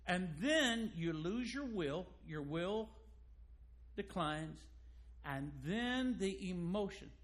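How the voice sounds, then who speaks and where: Male pastor preaching, higher-pitched voice, emphatic and building to loud peaks. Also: lively intonation, slow. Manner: emphatic preaching, rising loud on key points. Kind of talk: sermon.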